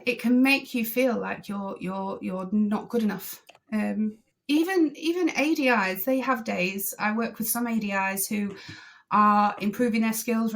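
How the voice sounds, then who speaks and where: A woman driving instructor talking as a guest on a podcast, earnest and enthusiastic, with many pauses and ums. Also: mid-range voice. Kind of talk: casual podcast conversation.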